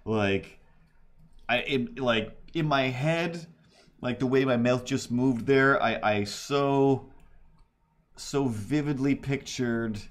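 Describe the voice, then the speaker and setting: A man livestreaming while he draws, telling a story in a rambling way with restarts and laughs. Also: mid-range voice. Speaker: livestreaming artist. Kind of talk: casual livestream chat while drawing.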